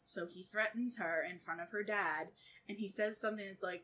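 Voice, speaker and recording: A woman co-hosting a casual book-club podcast, animated and swearing freely as she chats and laughs. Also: mid-range voice, moderate pace, slight background noise. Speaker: podcast co-host.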